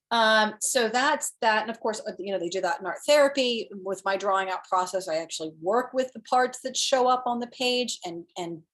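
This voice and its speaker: An earnest woman coach talks casually on her live self-help show. She is animated and laughs often, and she slips into little acted-out inner voices. Her pitch sits in a middle range. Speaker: host and inner-work coach.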